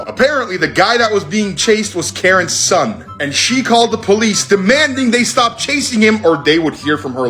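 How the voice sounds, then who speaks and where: Wry male voice-over, lively pitch. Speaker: compilation narrator. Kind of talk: scripted narration.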